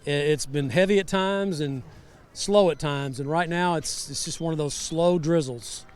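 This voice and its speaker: A man commentating a high school football game live from a rainy outdoor stadium, chatty and storytelling. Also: moderate pace, a little mellow, smooth. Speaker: sideline reporter and color commentator.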